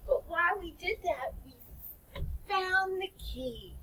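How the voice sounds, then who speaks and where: A woman's voice: very high-pitched, animated, takes it slowly, bright, forceful tone, distant mic, low-quality recording. A woman guiding children through a playful movement story, wide-eyed and often dropping into whispers. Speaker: kids yoga story guide.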